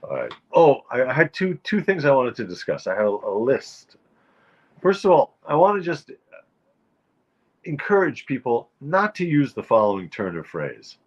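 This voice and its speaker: Man host, lively comic ranter, wry and emphatic, slightly dull lo-fi sound. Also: medium pitch, normal speed. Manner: wry, emphatic ranting about phrases. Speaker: show host. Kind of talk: comic monologue.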